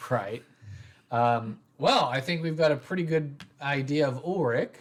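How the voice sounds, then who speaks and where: A man's voice: a little high, measured pace. A man hosting a tabletop role-play podcast, talking casually with lots of fillers and restarts. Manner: rambling, filler-heavy. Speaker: podcast host and game master. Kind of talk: casual chat.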